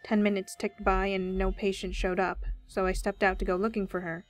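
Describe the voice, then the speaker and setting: A woman's voice: mid-range voice, little pitch movement, a little fast. Woman narrating a horror story. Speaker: story reader. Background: faint background music.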